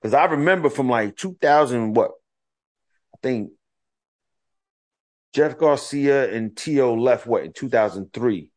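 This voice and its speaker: A man co-hosting a casual podcast chat, his voice sitting at an ordinary middle pitch. He tells stories in an animated, profane way, acting out both sides of arguments. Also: unhurried, long pauses. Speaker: podcast co-host.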